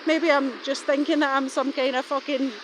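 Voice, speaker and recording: Woman, middle-aged, high voice, rambling and suspicious, filmed while out walking. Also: level tone, moderate pace, fairly bright tone, slight background noise. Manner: rambling, suspicious, swears casually. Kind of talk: rambling walking vlog monologue. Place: outdoors, walking.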